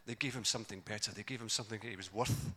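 Male preacher, bright forceful voice, animated storytelling with character voices. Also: on the low side, very fast. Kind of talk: sermon.

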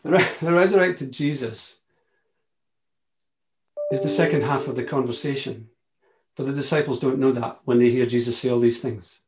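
A man preaching a sermon, impassioned, moving between quiet asides and ringing emphasis. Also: medium pitch, moderate pace, long pauses.

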